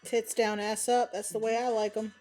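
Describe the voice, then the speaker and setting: A woman's voice: on the high side, flat delivery, moderate pace, a little mellow, soft background music. A woman co-hosting a livestream, chatting bawdily and giggling while she paints. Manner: bawdy, giggly, slips into a mock crying voice. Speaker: co-host of a painting stream. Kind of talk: casual joking chat while painting.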